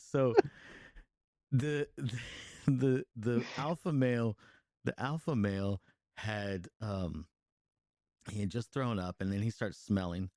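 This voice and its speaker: A podcast co-host with a medium-pitched, slightly mellow voice casually retells a movie scene by scene. His rambling, profane chat is full of fillers and restarts, recorded at studio quality with no room sound.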